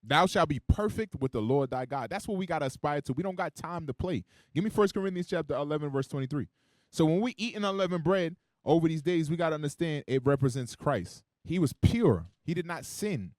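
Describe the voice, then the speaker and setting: A man preaching a sermon, calling on a reader for verses and joking in between, swinging from loud emphasis to quiet asides. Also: on the high side, expressive, fairly quick, no room sound, clean studio sound. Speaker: preacher teaching a Bible class. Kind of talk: sermon with call-and-response scripture reading.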